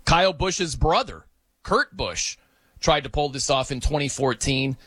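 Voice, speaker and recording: A man hosting sports talk, animated and joking, laughing as he riffs on the news. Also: fairly high pitch, measured pace, no echo. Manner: animated, joking, breaks into mock announcer voices. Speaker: sports radio host.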